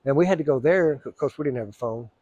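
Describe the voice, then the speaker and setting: A middle-aged man telling a personal story, blunt and profane, rambling with frequent throat clearing. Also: medium pitch, quick pace, darkish tone, no echo, lo-fi sound.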